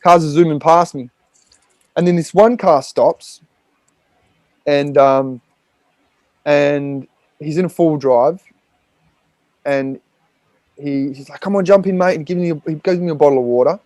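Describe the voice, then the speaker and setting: A man's voice: on the high side, fairly even intonation, a little slow, long pauses, a little mellow, no room sound. An Australian man, a podcast guest, telling a raw personal story with frequent swearing and rambling fillers.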